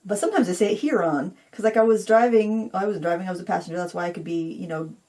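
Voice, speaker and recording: A woman's voice: fairly low pitch, fast, warm tone. A middle-aged woman hosting a painting tutorial, rambling in a self-deprecating way as she talks to viewers while she works. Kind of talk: casual chatty painting tutorial.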